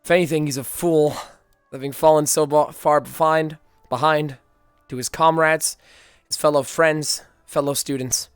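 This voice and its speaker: A man streaming live, chatting casually and excitedly to his viewers before a roleplay. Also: on the high side, normal speed, clean tone, dry recording, clean studio sound, faint music behind. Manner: excitable, loose and chatty with swearing. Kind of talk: casual livestream chat.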